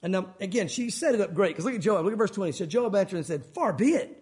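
A man with a high-pitched voice delivers a sermon. He tells the story in an animated, conversational way, with casual asides to the listeners. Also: very fast. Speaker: preacher. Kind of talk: expository sermon.

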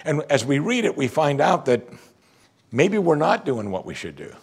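A middle-aged male pastor preaching an animated sermon, acting out what people say to him. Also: fairly high pitch, normal speed, vocal fry, breathy edge. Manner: animated preaching, quoting congregants in mock voices.

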